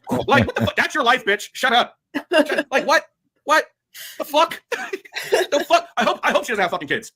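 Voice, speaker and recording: A man streaming a crude, mocking rant with sudden shouting bursts. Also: very high-pitched, big pitch swings, moderate pace, pauses often, breathy edge. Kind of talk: ranting livestream commentary.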